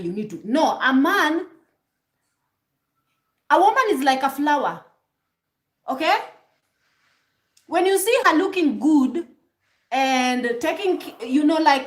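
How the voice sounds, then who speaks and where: High, lively woman lecturing. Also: roomy sound. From Kenya. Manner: emphatic, preachy, rhetorical "hmm?" prompts, frequent restarts. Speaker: vlogger giving relationship advice. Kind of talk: direct-to-camera advice monologue.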